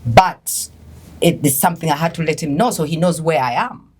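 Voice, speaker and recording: Rich: a young woman from Uganda talks as a guest in a casual interview. Her voice is low for a woman. She is chatty, drops in "like" often and slides between languages mid-sentence. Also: normal speed, darkish tone, breathy edge.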